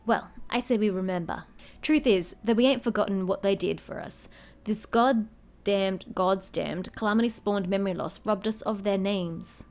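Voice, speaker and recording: A woman reading aloud as a hearty middle-aged male tavern keeper, with only a brief try at a rough accent. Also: mid-range voice, moderate pace, darkish tone, natural voice. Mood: storytelling.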